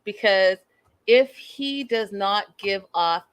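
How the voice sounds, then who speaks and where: A woman's voice: mid-range voice, slow pace, clear, resonant tone, no echo. A woman hosting a live recap of a reality show, talking bluntly and with sass, often acting out the people she discusses. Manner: blunt, sassy and animated, mocks and acts out the cast members. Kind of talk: live-stream recap commentary.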